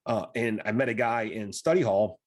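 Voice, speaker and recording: A man's voice: lowish voice, normal speed. A man in his forties from South Dakota, a podcast guest rambling through anecdotes and chuckling between them. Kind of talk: casual storytelling interview.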